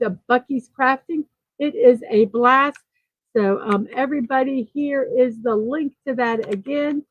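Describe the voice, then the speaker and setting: Chatty higher-voiced woman streamer. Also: no echo, lo-fi sound. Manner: chatty, reads viewer comments aloud, stumbles over numbers. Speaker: livestream morning show host. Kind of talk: casual livestream chat.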